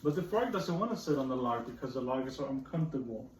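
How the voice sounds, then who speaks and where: A man's voice: medium pitch, animated, fast. A man teaching a phonics lesson to children, patiently reading a picture book aloud and asking them about its rhymes. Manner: patient, explains rhymes and asks questions. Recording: roomy, distant, faint noise.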